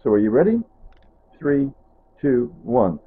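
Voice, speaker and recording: Very animated yet slow, his mid-range voice carrying a breathy edge, a vlogger rambles to camera in his home kitchen, wandering off topic and letting sentences fade with "anyway" and "whatever." The sound is tinny, like a phone.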